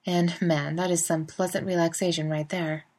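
A woman's voice: fairly low pitch, flat delivery, normal speed, darkish tone. A woman narrating a fan fiction story in a wry, conversational way. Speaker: reader. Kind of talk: fan fiction audiobook reading.

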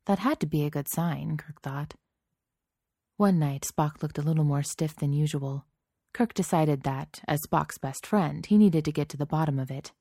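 A woman's voice: deep voice, moderate pace, mellow, dry recording, studio quality. A woman reading a story aloud in a wry, conversational narrating voice. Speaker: reader. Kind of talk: reading fan fiction aloud.

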